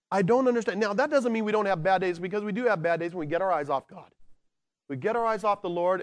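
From the pulpit, a male pastor preaches a sermon in a fairly high voice, animated and conversational. He swings between slow, hushed emphasis on key words and lively, excited bursts that rise to shouting.

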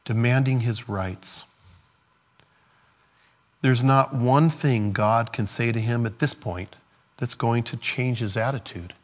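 A man's voice: medium pitch, slow, long pauses. A man preaching a sermon in an earnest, conversational way, laughing now and then and acting out scripture dialogue. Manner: acts out scripture dialogue in different voices.

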